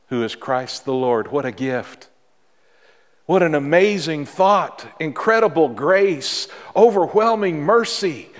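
A man delivers a sermon at an unhurried pace, his voice sitting slightly high. He pauses between phrases and repeats key words for weight. The sound rings with the long reverb of a church hall. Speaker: pastor. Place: church sanctuary.

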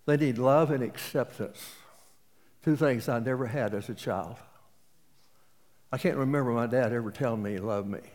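A man's voice: mid-range voice, normal speed, long pauses, darkish tone. A man in his late seventies with an East Texas accent, preaching a sermon and telling folksy stories with jokes. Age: 70s. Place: auditorium. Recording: reverberant auditorium.

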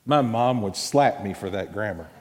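A man preaching a sermon as pastor, swinging between loud, high emphasis and quiet, drawn-out words. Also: animated, background noise. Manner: dramatic swings in pitch and volume, drawn-out emphasis. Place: church sanctuary. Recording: long reverb of a church hall.

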